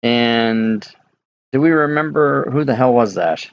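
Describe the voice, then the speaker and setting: A man running a tabletop game as dungeon master, talking casually with pauses and fillers. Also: mid-range voice, expressive, vocal fry, lo-fi sound.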